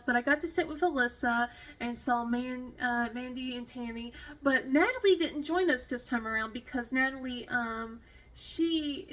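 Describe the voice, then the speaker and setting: High-voiced woman chatting, rambling. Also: a bit bright. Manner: rambling storytelling with many fillers and restarts; emotional, laughs often. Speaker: crafting vlogger. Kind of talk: casual chat.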